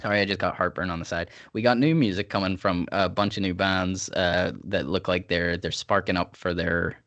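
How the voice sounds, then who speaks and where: Brief: relaxed male podcast host, lowish voice, rambling casual chat with lots of fillers. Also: moderate pace. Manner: rambling, laid-back, many fillers. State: sipping whiskey.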